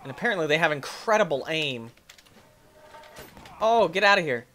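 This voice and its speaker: A man hosting a gaming channel, giving playful, excitable let's-play commentary and talking back to the enemies on screen. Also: a little high, normal speed.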